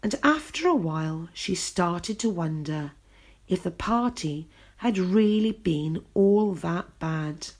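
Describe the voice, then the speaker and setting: A woman teacher reading a children's storybook aloud in an expressive storytelling manner. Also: lowish voice, slow pace. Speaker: school teacher.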